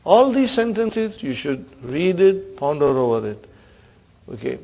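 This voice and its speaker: A man's voice: fairly high pitch, sing-song, measured pace, vocal fry, dark tone. A man teaching an Arabic grammar class, quizzing students and repeating terms with frequent checks of "huh?". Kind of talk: classroom lesson.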